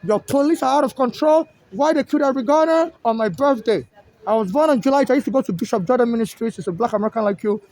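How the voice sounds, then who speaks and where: A man's voice: very high voice, fast, darkish tone, no room sound, low-quality recording. A man with a Nigerian accent, from Nigeria, talking outdoors in an agitated, repetitive complaint that he aims straight at an official. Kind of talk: direct-to-camera complaint. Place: outdoors in a city.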